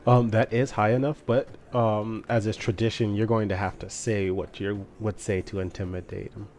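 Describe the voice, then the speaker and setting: A man running a tabletop game as game master, narrating in a relaxed, hesitant way with many fillers. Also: on the low side, normal speed, a little hiss or hum. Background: music.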